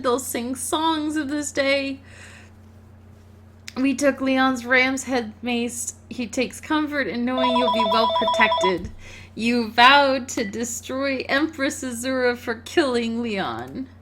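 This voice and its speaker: A woman's voice: high-pitched, slow pace, a bit bright. A woman hosting a game let's play, reading the story aloud and commenting emotionally, tearful, stammering and laughing.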